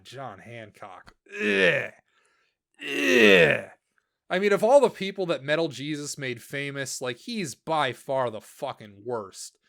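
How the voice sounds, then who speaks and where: Bright-voiced profane man ranting. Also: a little high. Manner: profane, blunt, laughs often. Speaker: YouTuber ranking channels. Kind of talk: casual opinionated rant.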